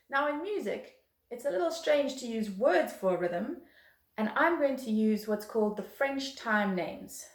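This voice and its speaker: A woman's voice: fairly high pitch, expressive, a little slow, heavy background noise. A woman teaching a beginner violin lesson, patient and encouraging, counting rhythms aloud. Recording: roomy echo.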